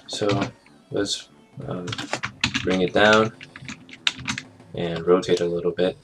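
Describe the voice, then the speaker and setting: A man walking through an animation software tutorial in a casual, think-aloud way, with fillers and small jokes. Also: low voice, fairly even intonation, takes it slowly. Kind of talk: screen-recorded software tutorial narration. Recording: clear background music under the voice.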